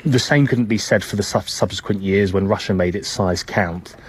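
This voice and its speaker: A male correspondent giving a live news report, measured, with frequent hesitations and restarts. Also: fairly low pitch, slightly rough.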